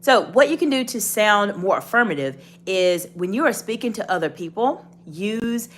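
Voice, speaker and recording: A woman with a mid-range voice and lively intonation coaches viewers on leadership at a moderate pace, addressing the camera head-on with encouragement and instruction.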